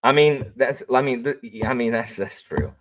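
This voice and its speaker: A man's voice: mid-range voice, normal speed. A man chatting casually on a livestream, rambling with many fillers and restarts as he greets viewers and talks about what he is reading. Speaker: audiobook narrator and livestream host.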